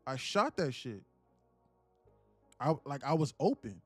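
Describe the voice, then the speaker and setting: A young man in his late twenties spins a loose, profane story for his stream chat, full of slang and asides. His voice sits a little high for a man, and the sound is close and dry. Soft music plays quietly underneath. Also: moderate pace, pauses often, no echo. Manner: profane, slangy, animated retelling. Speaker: live-streaming day trader. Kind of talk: casual storytelling to a live chat.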